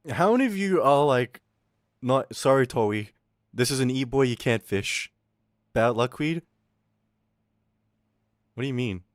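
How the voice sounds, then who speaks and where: A male streamer chatting casually with his viewers, swinging from loud outbursts to low mutters and swearing freely. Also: lively intonation, unhurried, pauses often, no room sound, studio quality. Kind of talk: casual livestream chat with viewers.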